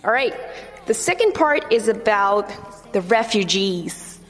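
Slow-paced woman teaching vocabulary. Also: medium pitch, expressive, long reverb tail, faint music behind. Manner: repeats each word, checks in with "okay?". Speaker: English teacher. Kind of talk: vocabulary lesson.

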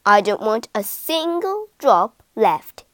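A woman doing a fair king from an animal storybook, calm and measured as he lays down the rules. He speaks slowly and steadily, with a lively rise and fall, in a close, dry recording. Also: fairly high pitch, no echo, voice pushed down, exaggerated voice.

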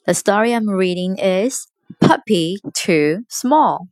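A woman reads a children's picture book aloud at a very slow pace, her pitch moving up and down a lot. The recording is close and dry, with no room echo. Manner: slow, expressive reading. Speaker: storyteller.

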